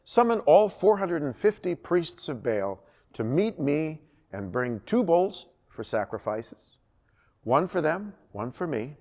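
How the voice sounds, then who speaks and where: A man's voice: a little high, very animated, takes it slowly, darkish tone, pitched above the performer's own voice, heavily acted. A man reading as a bold, taunting biblical prophet. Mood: challenging.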